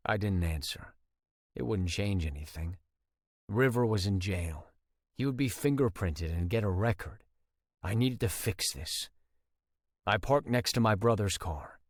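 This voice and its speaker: A man's voice: on the low side, lively intonation, measured pace, pauses often, dry recording, clean studio sound. A man narrating a romance audiobook in first person, tense and intense.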